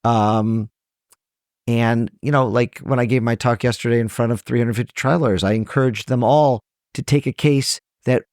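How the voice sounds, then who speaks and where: A man's voice: mid-range voice, steady tone, moderate pace, darkish tone, no room sound, studio quality. A middle-aged man, a trial lawyer, talking earnestly and emotionally as a podcast guest, often restarting his sentences. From Michigan, USA. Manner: earnest, emotional, many restarts and self-corrections. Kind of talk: conversational interview.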